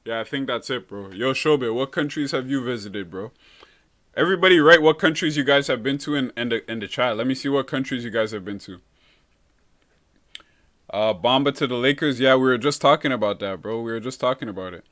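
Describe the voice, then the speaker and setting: Young dude on a chill stream, reading chat, says bro a lot, easygoing. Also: male voice, mid-range voice, fairly quick, fairly bright tone. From Canada. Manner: laid-back, calls everyone bro. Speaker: live-stream host. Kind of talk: casual chat reading viewer comments.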